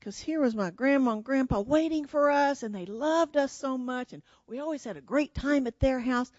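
A woman leading a church children's sermon, telling an animated story and asking the children questions. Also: high-pitched, moderate pace, no echo, highs cut off.

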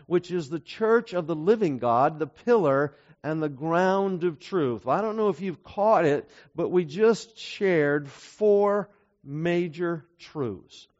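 A man's voice: fairly high pitch, lively intonation, slow pace, darkish tone. A man preaching a sermon in an earnest way, often asking the audience to agree with him. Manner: earnest, asks the audience to affirm. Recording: dull lo-fi recording.

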